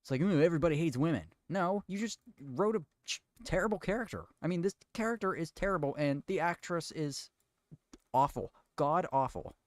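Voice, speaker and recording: A man's voice: a little high, lively intonation, moderate pace, no echo, studio quality. A man chatting casually while building, ranting at length with restarts and swearing. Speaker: streamer.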